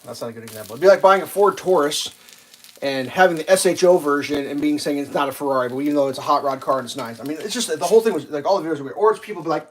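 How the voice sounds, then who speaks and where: A man's voice: on the high side, fast. A man casually rambling through a story on a live stream, swearing freely and acting out what others said in a raised voice. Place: home kitchen while cooking.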